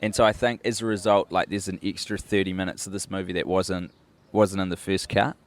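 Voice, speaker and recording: Low-voiced wry New man. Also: little pitch movement, a little fast. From New Zealand. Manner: wry, self-deprecating rambling. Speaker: podcast co-host. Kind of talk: casual chat. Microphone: remote call, home mic.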